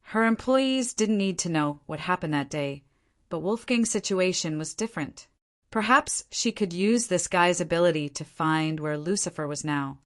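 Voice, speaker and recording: Woman audiobook narrator, measured, lowish voice. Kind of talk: scripted narration.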